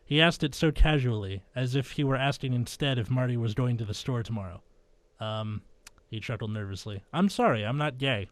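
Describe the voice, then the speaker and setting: Young man reading fan fiction aloud, deadpan. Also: mid-range voice, a little fast, dry recording. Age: young adult. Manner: deadpan reading with flustered asides and laughs. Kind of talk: comedic dramatic reading.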